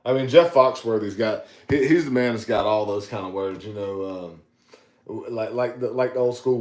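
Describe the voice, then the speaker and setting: A young Southern man chats on a podcast with easy, joking energy, often breaking into laughter. His voice sits in an ordinary middle pitch. The room around him rings with a noticeable echo. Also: normal speed, a little mellow. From US South, South Carolina. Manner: laughs often, playful, repeats words. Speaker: podcast co-host. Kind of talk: casual chat.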